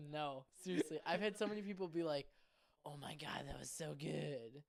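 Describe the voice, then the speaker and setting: A young man co-hosting a casual podcast, rambling excitably and swearing freely. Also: on the high side, moderate pace, gravelly. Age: young adult. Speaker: podcast co-host. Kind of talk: casual chat.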